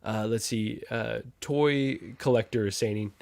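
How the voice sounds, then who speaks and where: A man's voice: on the low side, fairly even intonation, measured pace, vocal fry, a little mellow, no echo. A man hosting a casual livestream chat, reading out viewer comments and trading sarcastic jabs with a laugh. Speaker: podcast host reading live chat.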